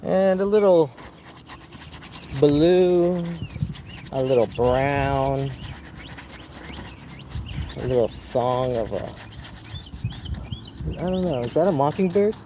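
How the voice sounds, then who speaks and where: A man talks unhurriedly as he paints in a field, rambling and wry with his viewers. His voice is mellow and a little high for a man, with faint outdoor noise behind him. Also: expressive, slow, pauses often. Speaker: plein air painter. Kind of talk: casual narration while painting.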